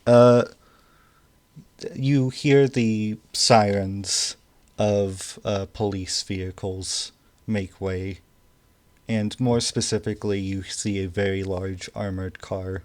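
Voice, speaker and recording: A man narrating a tabletop game as game master, halting and full of fillers. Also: lowish voice, darkish tone.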